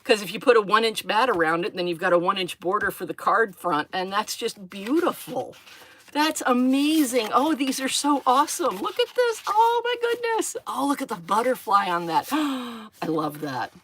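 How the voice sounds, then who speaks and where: A middle-aged woman hosting a live craft unboxing, rambling and gushing with gasps and excited exclamations. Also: mid-range voice, moderate pace. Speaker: craft channel host. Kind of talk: live-stream unboxing chat.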